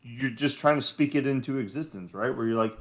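Male co-host, average pitch, lively and emphatic in casual talk. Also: brisk. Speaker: podcast co-host, youth basketball coach. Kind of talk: casual chat.

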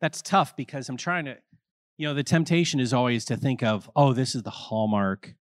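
A man's voice: normal speed, no room sound. Earnest man telling his story, dry. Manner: earnest storyteller, acting out quotes with big pitch swings. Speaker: priest and vocations director. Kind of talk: personal testimony in an interview.

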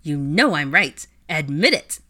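A woman's voice: deep voice, expressive, unhurried, pushed and bright, exaggerated voice. A woman voicing a nosy, playful young female student who teases her friend. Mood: teasing. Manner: pushy, playful teasing.

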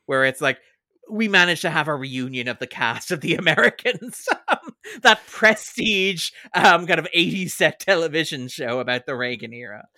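A man co-hosting a podcast, his bright, sharp voice rising and falling a lot as he chats with enthusiasm. He laughs often and leans on fillers. The sound is dry and close, with no room echo. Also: on the high side, lively intonation, normal speed. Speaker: podcast co-host. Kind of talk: casual chat.

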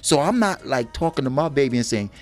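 A man chatting on a relationship podcast with a lively, swooping delivery, bouncing between boasts and acted-out lines. His pitch sits mid-range, and soft music plays faintly behind him. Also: fast talker. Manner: animated, bragging, acts out quotes. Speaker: podcast co-host. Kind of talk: casual relationship talk.

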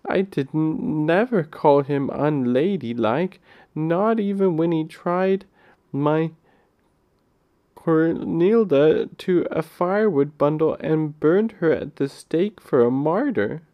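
A man's voice: fairly high pitch, lively intonation, slow, highs cut off, voice pushed up. A man reading aloud, voicing a tearful, indignant little girl who stammers through her complaints. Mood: sobbing. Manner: sobbing, stammering, aggrieved.

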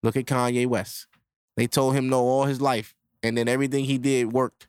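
A man's voice: medium pitch, little pitch movement, clean tone, no room sound, studio quality. A man, hosting a podcast in a loose, profane solo monologue. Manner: loose, profane, acts out quick back-and-forth voices. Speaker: podcast host. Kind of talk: casual monologue.

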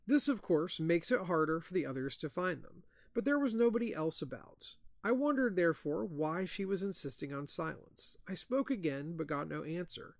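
A man, a podcast host, reading a ghost story aloud in a hushed storytelling voice. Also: fairly high pitch, lively intonation, moderate pace, gravelly, few pauses, no room sound, clean studio sound.

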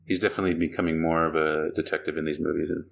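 Deep-voiced man rambling on a podcast. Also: racing, gravelly. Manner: rambling, animated, laughs often. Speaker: podcast host. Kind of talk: casual chat.

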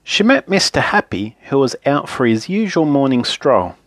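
A man reading a children's story aloud in a gentle, expressive way. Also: medium pitch, moderate pace, no room sound, clean studio sound.

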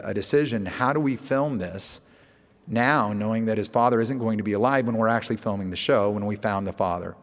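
A man, a TV show producer, giving a storytelling presentation to an audience and acting out phone calls in quoted dialogue. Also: lowish voice. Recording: echoey hall with long reverb.

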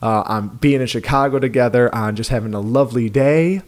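A middle-aged man talks in a New York accent at a medium pitch. He co-hosts a podcast and tells stories in a loose, joking way, with animated asides. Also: fairly quick. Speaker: podcast co-host. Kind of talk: casual chat.

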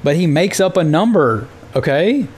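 A man's voice: fairly high pitch, big pitch swings, normal speed, darkish tone, breathy edge. A man from the United States hosting a casual solo podcast, telling rambling, exasperated stories with plenty of filler words. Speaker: podcast host.

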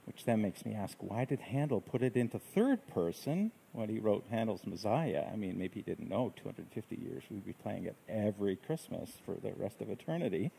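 A man preaching a sermon in a gentle, reflective way, with unhurried phrasing. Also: on the low side, expressive, creaky, slight background noise, low-quality recording. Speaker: pastor.

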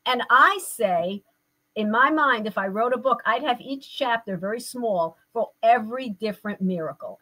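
A woman's voice: on the high side, a bit bright, low-quality recording. An older woman, a therapist and guest, telling her own story in an earnest, reflective way. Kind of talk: personal storytelling in an interview.

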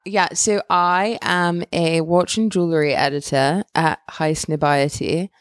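A woman's voice: deep voice, steady tone, a little slow, dry recording, clean studio sound. A young woman co-hosting a casual podcast, chatting with lots of fillers and frequent laughter. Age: young adult. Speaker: podcast co-host, watch and jewelry editor. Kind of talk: casual chat.

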